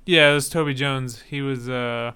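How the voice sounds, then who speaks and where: A man talks through upcoming films with a co-host in an easy, casual way. His voice is bright and strikingly clean, and his jokes land dry and matter-of-fact. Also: medium pitch, steady tone, moderate pace, clean tone. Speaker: podcast co-host. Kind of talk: casual movie chat.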